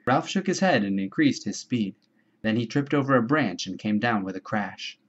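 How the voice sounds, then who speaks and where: A man reading a novel aloud in a measured, steady storytelling voice. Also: on the low side. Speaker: audiobook reader. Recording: dull lo-fi home recording.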